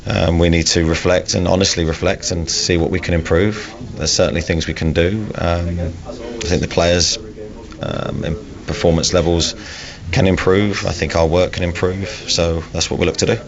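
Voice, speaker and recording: Deep-voiced man, measured and hesitant. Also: steady tone, gravelly, crowd noise. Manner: measured, hesitant with frequent ums. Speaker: football manager. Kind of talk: post-match radio interview. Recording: lo-fi radio broadcast.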